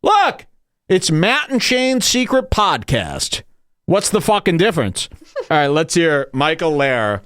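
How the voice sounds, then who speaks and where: Man ranting with a lively, swinging pitch. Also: unhurried, no echo, studio quality. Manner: mocking, swings into shrill put-on voices. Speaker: podcast host. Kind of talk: crude comedic podcast rant.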